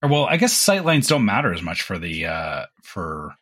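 A man co-hosting a podcast in casual chat, with a deep radio-announcer voice, rambling and restarting his sentences. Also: sing-song, moderate pace, a bit bright. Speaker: podcast co-host.

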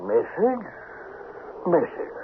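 Fussy forgetful boatkeeper. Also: male voice, very animated, drawn-out words, exaggerated voice. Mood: fumbling. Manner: hesitant, fumbling, pitch leaping up and down. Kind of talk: 1970s radio drama acting. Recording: tinny, noisy old radio broadcast.

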